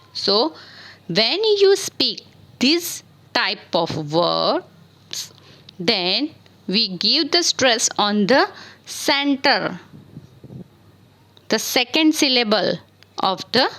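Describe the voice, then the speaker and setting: In a screen-recorded lesson on verbs, a woman teaches English grammar extremely slowly with long pauses, spelling words out letter by letter and answering her own questions. Her voice is on the high side, sing-song and a bit bright, and the audio is poor.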